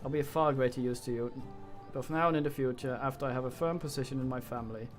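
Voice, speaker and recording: A man's voice: mid-range voice, fast, soft background music, lightly acted. Man reading as a proud young nobleman. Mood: confident. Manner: self-assured, persuasive.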